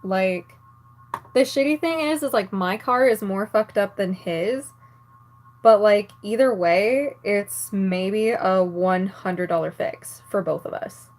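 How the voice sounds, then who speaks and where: A woman vlogger is doing her makeup while she rants casually to the camera, angry and exasperated, swearing constantly and stuffing her speech with "like." Her voice is medium in pitch, slow in pace, and a little mellow.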